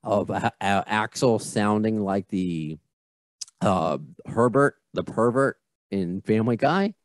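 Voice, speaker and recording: A man's voice: on the low side, slow, dry recording. A man in his thirties hosting a podcast, chatting casually and rambling through his thoughts with frequent self-corrections. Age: 30s. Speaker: podcast host. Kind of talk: casual chat.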